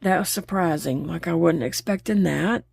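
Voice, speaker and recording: Gravelly woman chatting. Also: on the low side, moderate pace, darkish tone. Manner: chatty and open, laughs easily. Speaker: crochet vlogger. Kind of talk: casual chat while crocheting.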